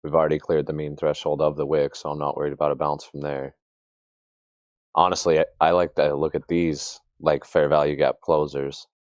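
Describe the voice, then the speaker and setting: A man with an extremely deep, low voice talks trading in a loose, rambling way, full of restarts and homespun analogies. The sound is dry and close, with no room around it. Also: level tone, normal speed, dry recording. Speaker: trader. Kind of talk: casual trading chat.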